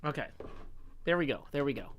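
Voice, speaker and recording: A man's voice: on the high side, animated, brisk, slight background noise. A man streaming live, chatting casually and reading messages aloud with wry asides. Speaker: livestreamer. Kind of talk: casual livestream chat.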